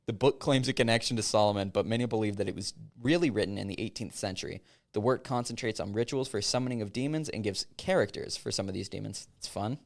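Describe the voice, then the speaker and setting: With a fairly low voice marked by vocal fry, a young podcast host reads passages aloud on his casual show. Between readings he jokes, drops quick asides and laughs.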